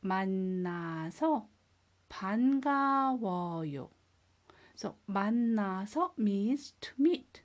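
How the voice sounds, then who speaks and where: A woman teaching a beginner language lesson, speaking slowly and clearly, repeating each word and praising the learners. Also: on the high side, animated, a little mellow. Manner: patient, drills words twice and praises learners. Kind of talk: slow, clear classroom instruction.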